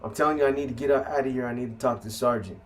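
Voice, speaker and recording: A man's voice: medium pitch, very fast, lightly acted. A man quoting a dismissive, panicky cellmate. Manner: brushes things off, then pleads. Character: defensive male cellmate, dismissive then panicky.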